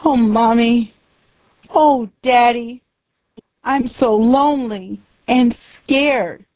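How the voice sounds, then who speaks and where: A woman plays a young male bird in a storybook, lost and frightened but kind. His lines are a touch higher and lively in pitch, spoken very slowly in a dry, close sound. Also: no room sound, full character voice. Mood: scared, lonely. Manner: simple, slow, clearly spoken lines.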